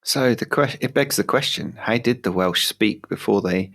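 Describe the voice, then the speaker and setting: Dry-witted British man with a gravelly low voice. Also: normal speed, fairly bright tone. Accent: British English. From Britain. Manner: dry, wry. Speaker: podcast co-host. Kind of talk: casual chat.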